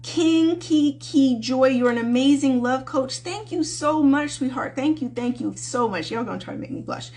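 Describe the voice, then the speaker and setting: A woman's voice: high voice, moderate pace, few pauses, darkish tone. A woman love coach hosting a live-stream Q&A, chatting casually and affectionately with viewers and calling them sweetheart.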